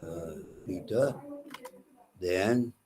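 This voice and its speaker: Crowd noise sits behind a low-pitched man who speaks extremely slowly with an Indian English accent. He's a counsellor teaching English literature, giving a hesitant online lecture on poetic meter with many fillers and restarts, and stressing syllables as he reads examples.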